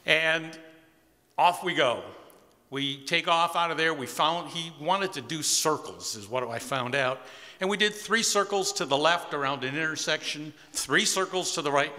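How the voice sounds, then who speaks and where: A man's voice: a little high, measured pace, sharp tone. A man in his sixties telling a personal story to a live audience in an easygoing, wry, conversational way. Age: 60s. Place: community center hall with audience. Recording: long hall reverb.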